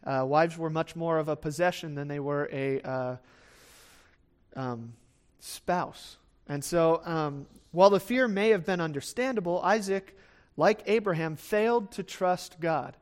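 A man with a high voice gives an expository sermon, reading a scripture passage aloud and then unpacking it. He talks in a relaxed, conversational way, with fillers and quick acted asides for the people in the story. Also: smooth. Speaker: pastor.

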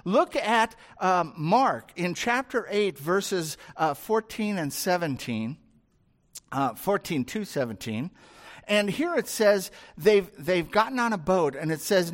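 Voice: medium pitch, very animated, measured pace. A pastor delivering a sermon in a conversational, storytelling way, acting out the scenes.

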